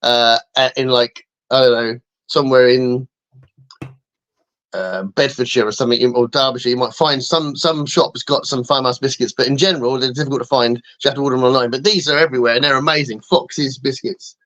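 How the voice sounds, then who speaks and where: A man's voice: mid-range voice, steady tone, a little fast, a bit bright. A middle-aged English man chatting casually on a live stream, rambling and self-mocking, often laughing. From England. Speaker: guest co-host.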